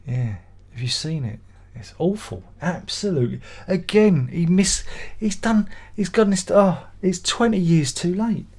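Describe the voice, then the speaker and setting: A man's voice: sits high, lively intonation, measured pace, few pauses, a little mellow, husky. Middle-aged man, live-stream host, casual rambling chat, sardonic grumbles, mock exasperation. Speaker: livestream host reading viewer comments.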